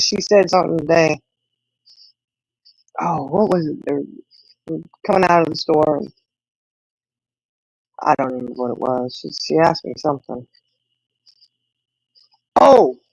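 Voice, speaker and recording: Gravelly woman chatting casually. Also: deep voice, no echo, highs cut off. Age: middle-aged. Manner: rambling storytelling with laughs. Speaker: livestream host. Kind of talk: casual chat with viewers.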